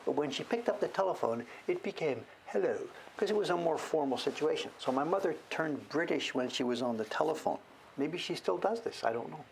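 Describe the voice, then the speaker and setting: Older guy from canada rambling on a live stream while he carves, gravelly voice, easygoing. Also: on the high side, lively intonation, a little fast, slight background noise. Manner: rambling, chatty, talks while he works. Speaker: woodblock printmaker streaming live. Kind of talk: casual livestream chat while carving.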